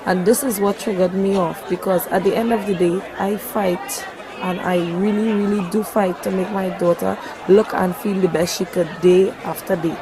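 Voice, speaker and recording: A woman's voice: medium pitch, fairly even intonation, moderate pace, a crowd in the background, low-quality recording. A young woman with a Trinidadian accent, speaking as a mother in a documentary interview, telling her story in an earnest, heartfelt way. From Trinidad and Tobago.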